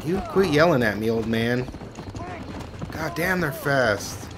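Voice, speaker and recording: A man's voice: medium pitch, animated, slow, noisy background. A man doing gameplay commentary, swearing and exclaiming at the game out of frustration. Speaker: gamer.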